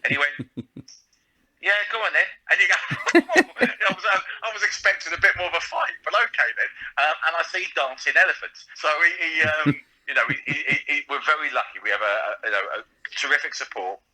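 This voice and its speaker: A man's voice: fairly high pitch, animated, brisk, a crowd in the background, rough recording. A man, a pantomime comic and radio presenter, chatting in an interview with frequent laughs and restarts. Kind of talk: casual interview chat.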